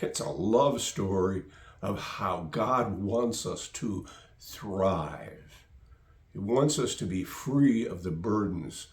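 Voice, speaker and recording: A man's voice: sits low, expressive, slow. A male pastor preaching a sermon, emphatic and fond of repeating phrases for stress. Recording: roomy echo.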